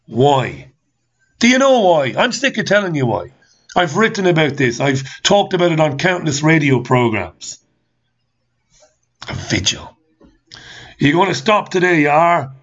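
A man's voice: mid-range voice, highs cut off. A man hosting a talk show, ranting angrily with repeated rhetorical questions and swearing. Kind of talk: ranting monologue reading listener comments.

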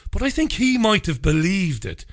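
A man's voice: high-pitched, wildly swooping pitch, moderate pace. A man hosting a podcast, talking earnestly and at length as he lays out his theories. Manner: earnest, rambling, speculative. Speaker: podcast host. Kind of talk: podcast conversation.

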